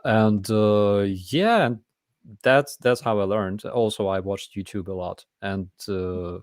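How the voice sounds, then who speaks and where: A man, speaking bluntly and with emphasis as he hosts a live chat. His voice sits fairly low. The sound is close and dry. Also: slow pace, no room sound. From Ukraine. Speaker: host.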